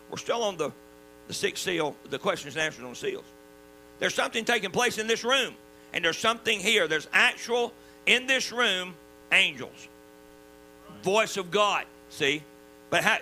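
Southern guy preaching in church, sharp bright tone, faint mains hum. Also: sits high, low-quality recording. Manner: folksy, emphatic preaching with sudden drops to quiet. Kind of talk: sermon.

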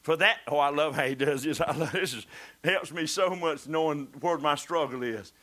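A man's voice: a little high, moderate pace, bright, forceful tone. A man preaching a fervent sermon, exclaiming and dropping to whispers.

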